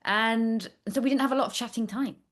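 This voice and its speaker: A woman's voice: on the high side, fairly even intonation, a little fast, fairly bright tone. A woman guest in a casual interview, a chatty storyteller who talks in a playful, candid way. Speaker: astrologer guest.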